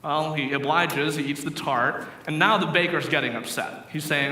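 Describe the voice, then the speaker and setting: A man preaching a sermon, telling stories and acting out the characters in a lively way. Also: fairly high pitch, normal speed, hardly any pauses, distant mic, a little hiss or hum. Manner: animated storyteller voicing characters in jokes. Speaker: pastor. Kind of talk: sermon storytelling. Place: church sanctuary. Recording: echoey hall recorded from afar.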